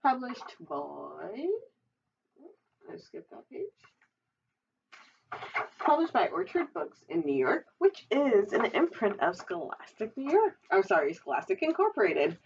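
A woman's voice: mid-range voice, sing-song, unhurried, gravelly, pauses often, background noise. Giggly woman reading a storybook aloud. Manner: chatty, giggly asides. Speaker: children's librarian. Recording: dull, distant recording.

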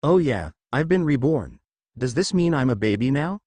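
A man's voice: medium pitch, sing-song, moderate pace, darkish tone, no echo. A man voicing Naruto, a brash young male ninja, speaking eagerly and expressively in a fan fiction audiobook. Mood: bewildered.

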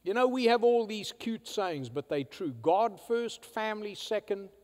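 A male pastor preaching a sermon, swinging from loud emphatic declarations to hushed, quiet asides. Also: high-pitched, lively intonation, normal speed. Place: church sanctuary. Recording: church hall reverb.

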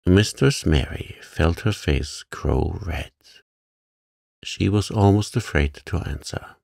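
Calm guy reading a bedtime story for grownups, deep and slow, gravelly. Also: dry recording, clean studio sound. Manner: calm, gentle, unhurried. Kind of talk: calm sleep-story narration.

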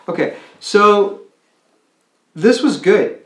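Man, admissions counselor, chatty explanation, somewhat high voice, echoey room. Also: a little slow. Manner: conversational, with many restarts and rhetorical "right?". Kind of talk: explanatory talk to students. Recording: roomy echo.

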